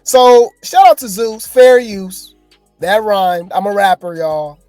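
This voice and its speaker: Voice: medium pitch, takes it slowly, a little mellow, no echo, faint music behind. A host giving casual, slangy reaction commentary, chatting and joking with viewers.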